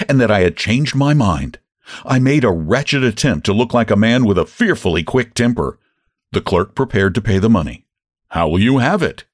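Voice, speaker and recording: Expressive male story reader, lively pitch. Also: dry recording, studio quality. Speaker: podcast host and story reader. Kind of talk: audiobook-style story narration.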